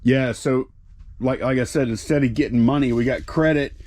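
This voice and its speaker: A middle-aged man co-hosting a reseller video, chatting in a relaxed, rambling way with side remarks. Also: mid-range voice, normal speed. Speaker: reseller co-host. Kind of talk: casual chat.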